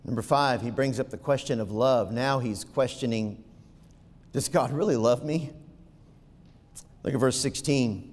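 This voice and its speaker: A man preaching a sermon, firing rhetorical questions at the congregation and swinging from quiet asides to loud, fervent peaks. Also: mid-range voice, a little slow, pauses often, long reverb tail.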